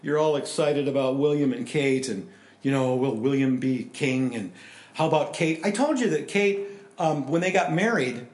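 A man preaching a sermon in a conversational, animated way, swinging between loud emphasis and hushed asides. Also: mid-range voice, moderate pace, roomy sound. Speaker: pastor.

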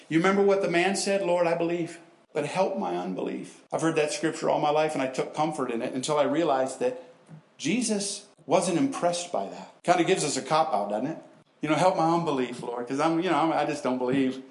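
A man's voice: on the high side, expressive, brisk. A man preaching a sermon to a church congregation, quoting scripture in acted voices. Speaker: guest preacher. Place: church sanctuary. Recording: echoey church hall.

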